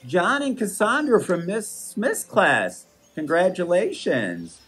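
A man's voice: high voice, huge pitch swings, slow, hardly any pauses, a bit bright, faint music behind. Playful man hosting school announcements. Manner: playful, jokey, upbeat. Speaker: school morning show host.

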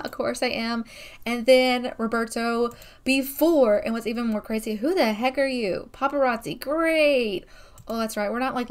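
A young woman hosting a gaming video, chatting excitedly through her gameplay with frequent exclamations. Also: on the high side. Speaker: gaming channel host. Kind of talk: casual game commentary.

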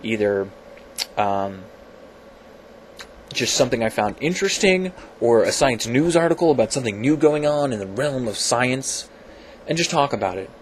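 Amateur science vlogger, man, mid-low voice, self-deprecating and full of restarts, animated swings in pitch. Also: moderate pace, slight background noise. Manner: rambling, self-deprecating, lots of fillers and restarts. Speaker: video blogger. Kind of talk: casual science vlog. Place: home, at his computer.

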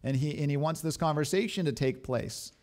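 A man preaching a sermon as a pastor, animated and full of rhetorical questions. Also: fairly high pitch, fairly quick.

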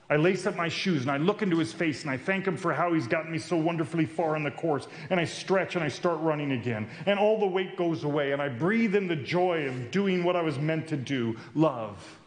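A man giving a sermon at a men's retreat, telling a personal story in an earnest way. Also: a little high. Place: retreat camp meeting room. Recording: roomy echo.

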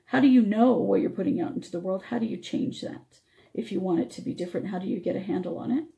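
A woman's voice: mid-range voice, quick pace, gravelly, mellow. A woman radio host teaching spiritual energy techniques, explaining step by step while her voice struggles.

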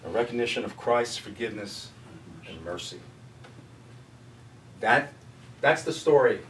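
A man's voice: medium pitch, expressive, measured pace, a bit bright. A man leading a Bible study in casual teaching style, talking conversationally and asking the group questions. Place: church meeting room. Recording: echoey room, distant mic, faint noise.

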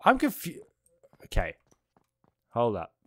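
Man, horror game commentary, jumpy, swears, bright voice, dry close mic. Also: mid-range voice, wildly swooping pitch, takes it slowly, no echo. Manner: jumpy, swearing, screams at scares; reads in-game notes aloud. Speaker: gaming streamer. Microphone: desk microphone.

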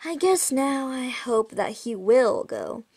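A woman's voice: high voice, expressive, slow, a little mellow, breathy edge, full character voice. Brief: distressed girl, shaky delivery, close to the reader's own voice, a woman reading. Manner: shaky, faltering speech. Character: upset girl, shocked and ashamed.

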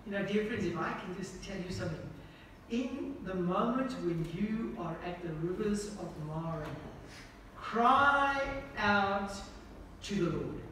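A man with a high voice preaches a sermon from a distance, his words ringing through a very echoey church hall with a faint hiss behind. He keeps putting questions to the congregation. He swings between loud, emphatic lines and quiet, hushed ones. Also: animated, unhurried. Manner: asks the congregation repeated questions. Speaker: pastor.

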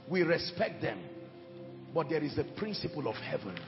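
A man preaching a sermon with emphatic delivery, moving between shouted lines and hushed ones. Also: on the high side, sing-song, moderate pace, muffled recording. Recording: echoey hall with music behind.

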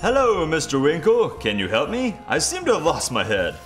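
A woman's voice: deep voice, wildly swooping pitch, normal speed, faint music behind, voice pushed down. A woman voicing an eager, clumsy young man in love in a children's storybook reading, talking in an earnest, flustered way.

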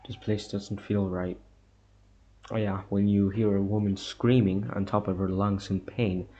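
A man's voice: lowish voice, flat delivery, a little slow, mellow, highs cut off, a little hiss or hum. A young man giving a let's-play commentary on a horror game, muttering to himself and reacting nervously to scares. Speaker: gamer.

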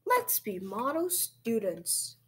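A patient schoolteacher from a storybook with a coaxing, teacherly lilt, as a woman reading aloud puts her on. She speaks slowly, with a breathy softness. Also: on the high side, huge pitch swings, full character voice.

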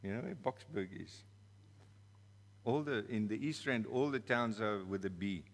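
A man's voice: on the low side, measured pace, long reverb tail. A man with a South African accent preaching a storytelling sermon in a church, playful and laughing at his own story.

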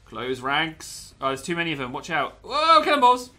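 A man's voice: fairly high pitch, wildly swooping pitch, normal speed, sharp tone, faint music behind. A young man commentating gameplay with a lot of energy, yelping, laughing and slipping into pirate growls.

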